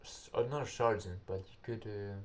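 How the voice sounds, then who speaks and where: A young man, an English speaker, telling a story casually and rambling, searching for words. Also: lowish voice. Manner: rambling, halting, searches for words, acts out quotes loudly.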